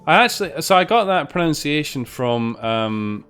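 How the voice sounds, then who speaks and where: A man's voice: a little high, very animated, normal speed, fairly bright tone, smooth, faint music behind. Sweary British man streaming a game. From Britain. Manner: sweary, sarcastic banter with chat. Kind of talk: casual gameplay commentary.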